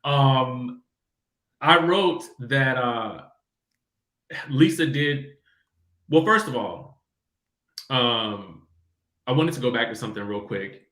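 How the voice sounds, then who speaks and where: A man hosting a casual reality-TV chat show, animated and quick to laugh. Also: medium pitch, echoey room. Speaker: podcast host.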